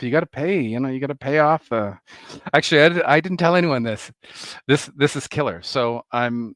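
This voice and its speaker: A man chatting casually and excitedly about records he bought, telling a rambling travel story with laughs and swearing. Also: lowish voice, no room sound. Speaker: vinyl record collector vlogger.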